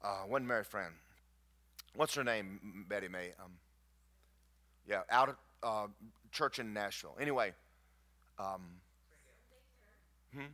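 A man preaching a sermon to his congregation, with folksy asides to the crowd and rising to near shouts at his peaks. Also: fairly low pitch, unhurried, pauses often. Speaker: pastor. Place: church sanctuary.

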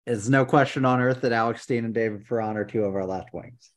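A man co-hosting a casual sports podcast, excitable and swearing, muttering to himself as he searches. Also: mid-range voice, a little fast. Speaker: podcast co-host. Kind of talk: casual chat.

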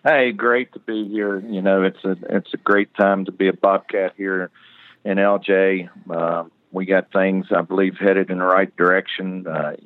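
Deep Southern man on a phone line. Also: little pitch movement, a little slow, no room sound. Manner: easygoing, upbeat, many restarts. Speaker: football coach. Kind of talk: phone interview. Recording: dry tinny phone line.

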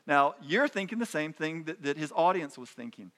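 A man's voice: fairly high pitch, expressive, normal speed, few pauses, a bit bright. A man preaching a sermon in a conversational, emphatic way, often restarting his phrases. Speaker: pastor.

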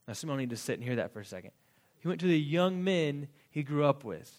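A man preaching a sermon in a casual, animated way, with quick asides and acted-out quotes. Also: fairly high pitch. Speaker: pastor.

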